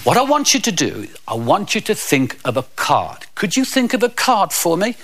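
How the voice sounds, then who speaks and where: A shrill, bouncy children's magician in sing-song showman patter, hopelessly out of his depth, as a comedian puts him on. His voice leaps high and swoops about with eager showbiz cheer, over a noisy live stage recording. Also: wildly swooping pitch, normal speed, fairly bright tone, full character voice. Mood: coaxing.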